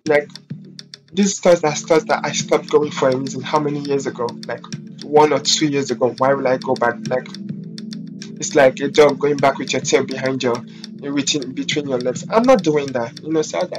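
A man's voice: medium pitch, normal speed, music in the background. A man telling a storytime vlog about work, sassy, dramatic and full of swearing. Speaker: vlogger, hairstylist.

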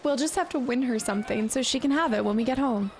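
A young woman streaming a video game, chatty and excitable, thinking aloud as she plays. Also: a little high, fast. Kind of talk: casual let's-play commentary.

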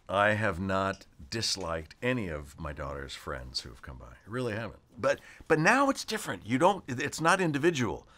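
A man's voice: on the low side, normal speed, hardly any pauses. Middle aged guy, actor, acts out his stories, voice bouncing all over. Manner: animated storyteller acting out little scenes. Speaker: actor guest. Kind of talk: casual chat.

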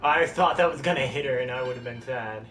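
A man giving casual, jokey commentary while live-streaming a game, with sudden excited outbursts. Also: mid-range voice, brisk. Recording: roomy, distant mic, noisy.

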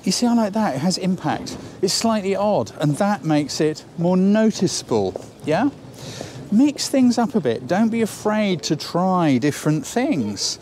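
Man, photography teacher, upbeat and chatty, slightly higher voice, faint background noise. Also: very animated, unhurried, a little mellow. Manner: chatty, encouraging, thinks aloud while shooting. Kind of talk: on-location photo lesson. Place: outdoors then inside a building on a shoot.

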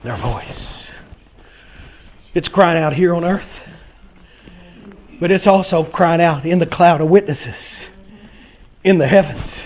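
A male preacher delivering an impassioned sermon in a church, swinging from shouted peaks down to hushed, drawn-out phrases. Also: on the high side, fairly even intonation, rough recording.

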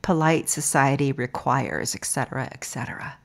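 A woman hosting a podcast, talking in a playful, expressive way and sometimes dropping to a soft near-whisper. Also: very deep voice, moderate pace. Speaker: podcast host. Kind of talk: podcast intro monologue.

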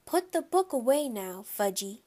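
Gentle storybook mother, polite and coaxing, as a woman reads her. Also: a little high, sing-song, unhurried.

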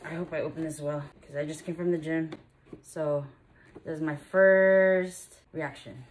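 A young woman vlogging casually, chatty and excitable, sometimes breaking into happy tears. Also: deep voice, a little slow. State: out of breath. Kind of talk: casual vlog, opening an anniversary gift.

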